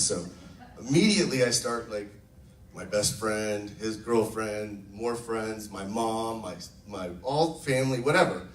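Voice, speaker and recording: A man's voice: fairly low pitch, moderate pace, a little hiss or hum. A man talking casually and enthusiastically to a group, telling his own story and acting out what others said. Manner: enthusiastic, storytelling, acts out quotes. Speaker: network marketing distributor. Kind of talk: casual testimonial talk to a group. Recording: echoey room, mic from far off.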